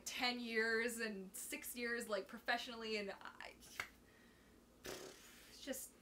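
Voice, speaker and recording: Woman host, bright and higher voice, bubbly live chat from a phone at home. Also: a little hiss or hum. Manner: bubbly, chatty, fillers like "like" and "oh my gosh". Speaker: livestream host. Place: at home at her computer.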